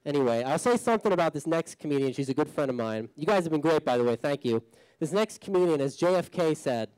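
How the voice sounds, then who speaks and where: A man emceeing a comedy show, joking loosely and deadpan with lots of filler words. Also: fairly high pitch, fast, no room sound, rough recording. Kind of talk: stand-up emcee banter.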